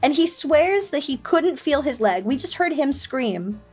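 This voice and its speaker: A woman's voice: sits high, big pitch swings, measured pace, soft background music. A woman streamer casually telling a story to her chat, laughing often and acting out the voices of panicked people. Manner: shrieks when quoting panicked people.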